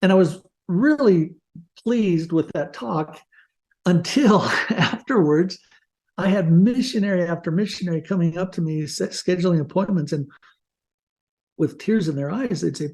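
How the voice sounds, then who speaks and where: Earnest older man, mellow voice. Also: sits high, measured pace. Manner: earnest, reflective, with small restarts. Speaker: guest author. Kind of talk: casual interview talk.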